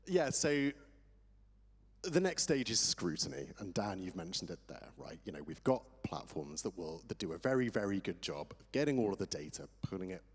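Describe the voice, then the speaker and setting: A man's voice: deep voice, sing-song, moderate pace, husky. A man speaking as a crypto tax advisor on a conference panel, eager and digressive, losing and finding his thread. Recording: reverberant conference hall.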